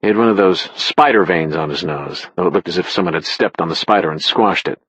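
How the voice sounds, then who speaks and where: A man narrating an audiobook in the first person with a wry, expressive delivery. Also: low voice, fairly quick, husky, no room sound, poor audio.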